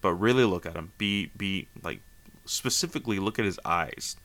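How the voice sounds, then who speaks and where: A man quoting a calm old mentor. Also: low voice, moderate pace. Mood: coaxing. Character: calm older male mentor, gently insistent.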